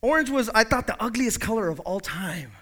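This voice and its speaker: High, bright-voiced preaching pastor. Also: male voice, lively intonation, a little fast. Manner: emphatic preaching that swings from quiet asides to shouted peaks. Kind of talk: sermon. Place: church.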